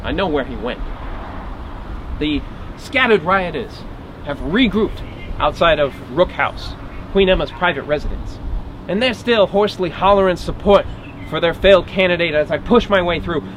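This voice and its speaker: Playing a dogged, wry marshal of the 1850s, this reenactor speaks at normal speed in a slightly high, slightly bright, expressive voice. His first-person monologue is tense and wry with grumbling asides, and the rough recording was made outdoors with traffic audible.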